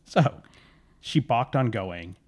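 A man's voice: mid-range voice, lively intonation, takes it slowly, a little mellow. A man telling a spooky story in casual podcast chat, rambling with fillers and correcting himself.

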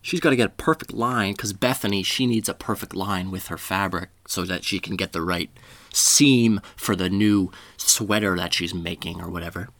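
A man's voice: deep voice, normal speed, fairly bright tone, no room sound. A man telling a comedic story in a rambling, profane way, laughing at his own jokes.

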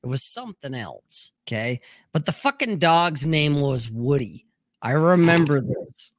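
A middle-aged man hosting a casual livestream chat, telling crude stories with lots of swearing and animated delivery. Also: fairly high pitch, measured pace, no echo, studio quality. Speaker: podcast host.

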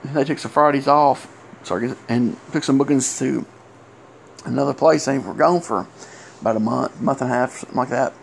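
A middle-aged man, a former wrestler telling an old story casually, halting and rambling with many fillers. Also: mid-range voice, gravelly, a little hiss or hum.

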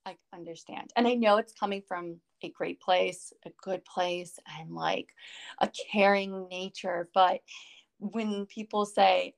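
Rambling gravelly-voiced woman podcast host. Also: fairly low pitch, steady tone, unhurried. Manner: rambling, many fillers and restarts. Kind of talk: casual podcast chat.

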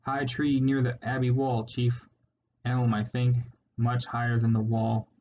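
A man voicing a brisk, efficient male weasel scout who reports in a clipped, matter-of-fact way, in a slightly muffled recording. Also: mid-range voice, completely flat delivery, a little mellow, close to an everyday voice. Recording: slightly muffled with faint hiss.

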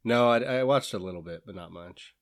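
A man's voice: fairly low pitch, brisk. An exhausted young man co-hosting a podcast in casual chat, easygoing, swearing and stammering. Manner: laid-back, swears, stammers and laughs often. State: exhausted from little sleep. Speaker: podcast co-host.

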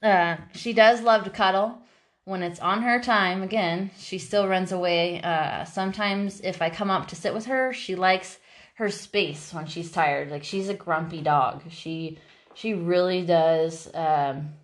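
A woman chatting casually about her dogs, rambling with many restarts, laughing often and jumping high into playful quoted voices. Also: a little slow. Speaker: dog owner.

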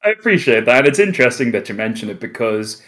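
A man with a light Irish accent from Carlow, talking as a podcast guest in a relaxed, rambling way with many fillers and restarts. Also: mid-range voice, quick pace. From Ireland. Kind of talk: casual conversation.

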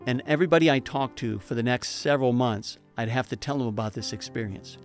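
A man's voice: mid-range voice, fast talker, soft background music. A man telling his personal testimony in an earnest, emotional way, with preacher-like emphasis. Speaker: speaker giving a personal testimony.

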